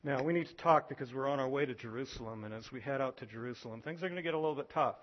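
A man preaching a sermon as pastor, animated, acting out voices from scripture. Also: rapid-fire, muffled recording. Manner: animated, acts out biblical voices with rising pitch.

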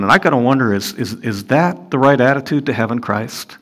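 A man preaching a sermon and explaining scripture, earnest, asking his listeners rhetorical questions and rising in pitch and volume for emphasis. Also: a little fast, few pauses, fairly bright tone.

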